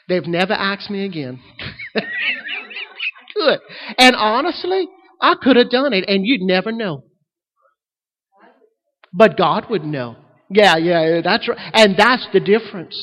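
Male pastor, high voice, preaching in a sanctuary with long hall reverb; emphatic swells, quiet asides. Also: animated, unhurried, pauses often, dull audio. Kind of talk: sermon.

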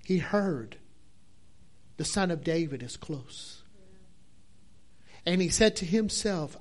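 Slow-preaching high-voiced man. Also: expressive. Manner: fervent, drawn-out preaching with repeated phrases. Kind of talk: sermon.

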